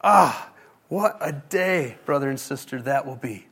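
A man's voice: mid-range voice, lively intonation, a little slow, gravelly, fairly bright tone, husky. Man preaching a sermon with rising intensity. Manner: preaching with rising intensity, addressing the church directly. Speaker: pastor.

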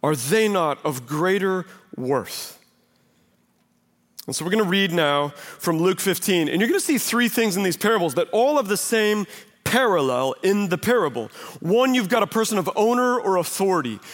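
A man's voice: high voice, very animated, brisk. A man preaching a sermon as pastor, conversational and emphatic, full of rhetorical questions. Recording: long hall reverb.

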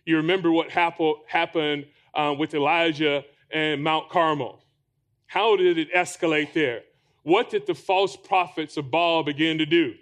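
A man's voice: fairly high pitch, steady tone, a little slow, a bit bright. A man preaching a sermon to a congregation, asking them rhetorical questions. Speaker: pastor.

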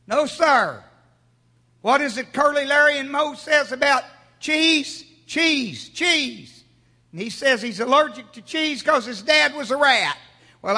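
A man preaching a sermon, calling on the congregation to answer him and rising to shouts. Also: very high voice, expressive, takes it slowly, in a large hall. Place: church sanctuary.

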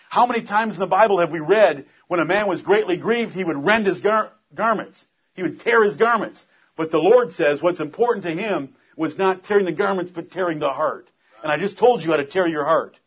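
A man with a somewhat high, husky voice preaches with earnest conviction, building force as he reads scripture aloud. The recording sounds dull and lo-fi. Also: brisk. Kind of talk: sermon.

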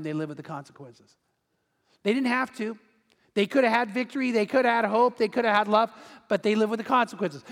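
A middle-aged male pastor preaching a sermon in a conversational way, acting out quotes and family stories. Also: high voice. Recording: long hall reverb.

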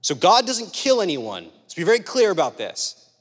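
A young man preaches in a church hall, his talk casual and storytelling but pressing the same point again and again. His voice sits a bit high, and a long reverb trails each phrase. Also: huge pitch swings, normal speed. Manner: conversational storytelling, emphatic repeated points. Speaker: pastor. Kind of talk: sermon.

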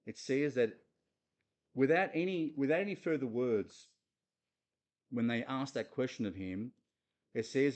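This preacher has a mid-range, darkish voice and a measured pace, pausing often. His sermon on a Bible passage is conversational and earnest, with questions aimed straight at the congregation.

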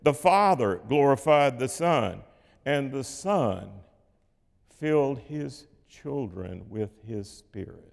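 A man preaching a sermon in a measured, rhetorical way, with dramatic pauses and dips in volume. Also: medium pitch, lively intonation, creaky. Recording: long hall reverb.

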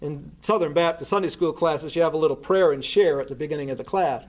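A man's voice: on the high side, fast, darkish tone. A man giving a talk, earnestly recounting events step by step and restarting his words as he goes. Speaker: speaker recounting a case. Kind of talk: spoken storytelling talk.

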